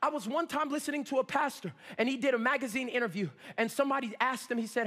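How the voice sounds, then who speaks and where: A male pastor preaching a sermon, swinging between shouts and low asides. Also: fast, big-room sound. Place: church sanctuary.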